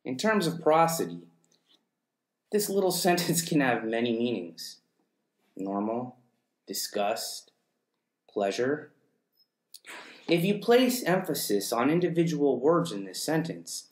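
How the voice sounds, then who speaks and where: A man's voice: medium pitch, very animated. Man presenting in an echoey room. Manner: reads from prepared notes, measured and explanatory. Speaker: student presenter. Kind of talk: classroom presentation. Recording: roomy echo.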